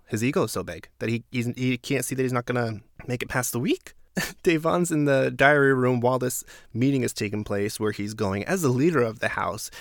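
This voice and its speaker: A man's voice: mid-range voice, gravelly, dry recording, clean studio sound. A man giving a casual, sarcastic recap of a reality show, sometimes exasperated. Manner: exasperated, sarcastic, animated outbursts.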